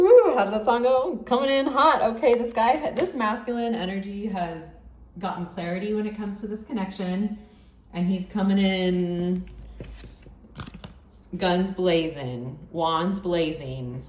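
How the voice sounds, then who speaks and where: A woman's voice: medium pitch, a little mellow. A woman giving a casual tarot reading, chatty and exclamatory, with lots of fillers. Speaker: tarot reader. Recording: echoey room, distant mic, faint noise.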